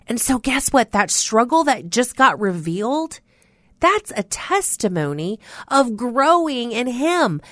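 A woman's voice: a little high, slow pace, dry recording, studio quality. A woman giving an earnest, emphatic radio devotional as host. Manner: earnest preaching, animated and emphatic with laughs. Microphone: studio mic.

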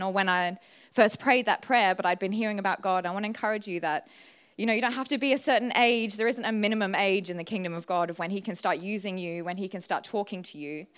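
A woman's voice: mid-range voice, clean tone. A young woman giving a sermon at a church service, candid and emotional, tearing up at moments. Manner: emotional, warm and candid, laughs and tears up at times. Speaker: guest preacher.

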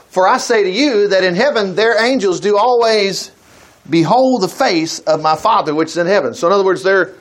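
An older man teaching from the Bible in a conversational way, reading verses aloud and breaking into emphatic bursts. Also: high-pitched. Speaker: preacher.

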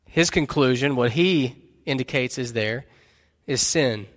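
A man's voice: mid-range voice, unhurried. A man preaching a sermon as pastor, earnestly putting questions to his listeners. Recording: long reverb of a large hall.

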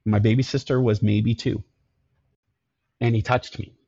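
Man, middle-aged, gravelly husky low voice; earnest halting storyteller. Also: little pitch movement, dark tone, muffled recording. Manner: earnest, halting, repeats himself. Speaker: podcast guest, security company owner. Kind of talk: telling his life story.

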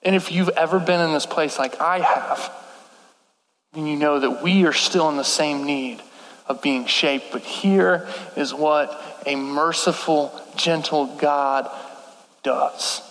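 A man's voice: on the high side, slow pace, a bit bright. A man preaching a sermon in a casual, slangy way, often saying "like". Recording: echoey hall with long reverb.

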